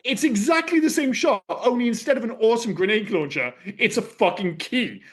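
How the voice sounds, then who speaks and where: A man's voice: very high-pitched, lively intonation, normal speed. A man on a film podcast, ranting and swearing casually as he picks apart a movie. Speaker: podcast host. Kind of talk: casual film-review chat.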